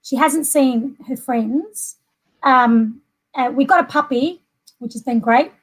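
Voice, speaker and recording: A middle-aged Australian woman with a high-pitched voice speaks slowly in a casual conversation. She chats in a rambling way with lots of fillers.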